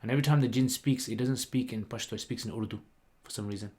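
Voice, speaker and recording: A man, hosting a livestream and telling a story in a rambling, lively way with lots of fillers. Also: medium pitch, quick pace. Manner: rambling, animated retelling with many "like" and "you know" fillers. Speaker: channel host.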